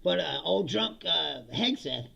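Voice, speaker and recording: A man's voice: fairly high pitch, lively intonation, a little slow, gravelly, pushed and bright, breathy edge, dull audio. A man delivering a profane, sarcastic political comedy rant, laughing between lines. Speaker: political commentator.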